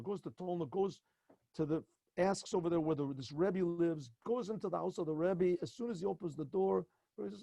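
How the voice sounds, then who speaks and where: A man, a rabbi, telling a story in an animated way, often stumbling and repeating words. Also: a little high, normal speed, gravelly, no echo. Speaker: rabbi teaching at a yeshiva.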